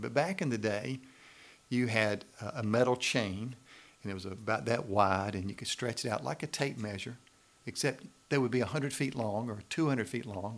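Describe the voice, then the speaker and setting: This Southern-accented pastor from Macon, Georgia, speaks at a fairly low pitch with a creaky quality. He preaches conversationally and pleadingly, frequently questioning his audience.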